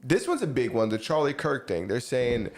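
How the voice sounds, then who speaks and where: A man's voice: mid-range voice, big pitch swings, normal speed. Rambling man co-hosting a casual podcast. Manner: rambling storyteller, many fillers like "like" and "you know". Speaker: podcast co-host.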